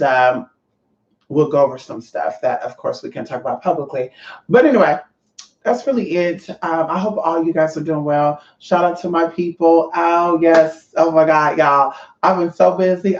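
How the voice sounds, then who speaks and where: A Californian livestream host who runs online classes goes on a casual rant, swearing freely and talking straight to viewers in an animated, chatty way. The mid-range voice moves at a moderate pace and echoes around the room. The audio sounds dull and lo-fi.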